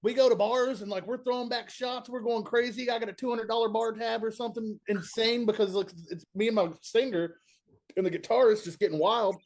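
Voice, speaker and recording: A young man from Kentucky with a Southern accent, a band's bassist telling stories in a laid-back, chatty way. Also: fairly even intonation, fairly quick. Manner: laid-back, chatty storyteller, says "man" and "dude" a lot. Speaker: band bassist, guest. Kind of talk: casual interview chat.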